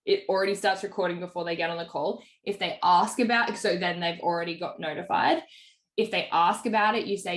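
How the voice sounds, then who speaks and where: A woman's voice: lowish voice, fairly even intonation, a little fast. Woman, business coach, casual chatty coaching talk, lots of fillers, echoey room. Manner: chatty, filler-heavy, acts out client quotes.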